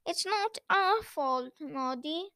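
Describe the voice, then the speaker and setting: A woman's voice: very high-pitched, takes it slowly, a bit bright, full character voice. A woman voicing an apologetic male goblin who mumbles. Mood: sheepish.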